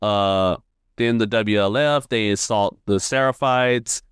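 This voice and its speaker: A man's voice: lowish voice, takes it slowly, clear, resonant tone, no room sound, clean studio sound. A man co-hosting a podcast, recapping a TV episode in a loose, rambling way, full of "like" and "uh". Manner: relaxed, rambling, lots of fillers. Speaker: podcast co-host. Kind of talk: casual recap chat.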